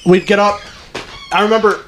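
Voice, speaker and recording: A man in his twenties, a former Marine, telling profane, animated stories in casual chat. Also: sits high, normal speed, slight background noise.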